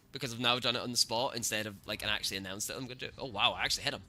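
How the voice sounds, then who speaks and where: A man streaming gameplay, reacting excitably to the match and talking to his chat, cursing at the game. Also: mid-range voice, very fast, hardly any pauses, no room sound, faint music behind. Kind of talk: live gameplay commentary.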